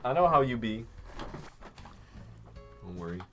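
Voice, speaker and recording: A man chatting casually while streaming a video game, joking and rambling in quick asides. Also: medium pitch, very animated, a bit bright, muffled recording, faint music behind. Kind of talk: casual chat while gaming.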